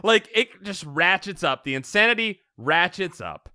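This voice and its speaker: A man co-hosting a podcast, recapping a story in casual chat, animated and laughing often. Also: high-pitched, moderate pace, no echo, studio quality. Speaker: podcast co-host.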